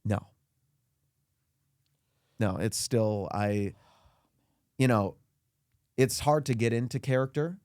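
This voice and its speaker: A man as a podcast guest in a comedic rant, indignant and self-pitying, his voice climbing high as he complains. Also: slow, pauses often, darkish tone, clean tone, no echo, clean studio sound. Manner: indignant, whiny self-pity, voice climbs high when ranting. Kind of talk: comedic mock interview rant.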